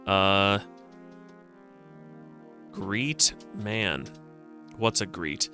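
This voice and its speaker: A man's voice: on the low side, very animated, a little slow, vocal fry, pauses often, bright, forceful tone, faint music behind. A man streaming a retro adventure game, joking around and reading the game's text aloud. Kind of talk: casual game commentary.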